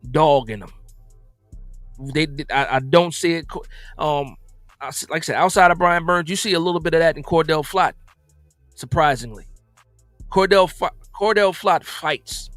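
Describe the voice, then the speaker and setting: Man, livestream host, slightly high voice, dry close mic, faint music underneath. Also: fairly bright tone, no room sound. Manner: conversational, emphatic, repeats phrases. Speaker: livestream host reading chat. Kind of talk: casual football recap livestream.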